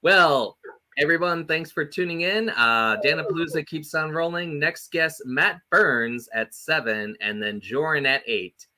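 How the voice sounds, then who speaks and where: A man hosting a casual online interview show, lively and jokey with quick asides. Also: fairly high pitch. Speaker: host.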